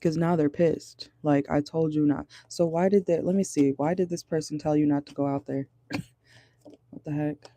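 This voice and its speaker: A tarot reader doing a casual reading from inside a car, pausing often while channeling, swearing and laughing nervously. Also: mid-range voice, steady tone, warm tone, no room sound.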